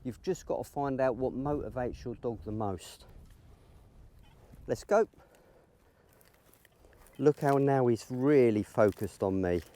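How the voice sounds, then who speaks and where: A man teaching dog training outdoors in a field, explaining each step calmly and breaking into high, excited praise for the dog. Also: slow pace, pauses often.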